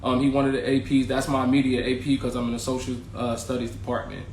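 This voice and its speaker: A man's voice: mid-range voice, flat delivery, fast, darkish tone, slight background noise. A man hosting a podcast, casually telling his own story, candid and slangy, swearing freely and talking straight to his viewers. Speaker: podcast host, former teacher. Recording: echoey room with faint ambience.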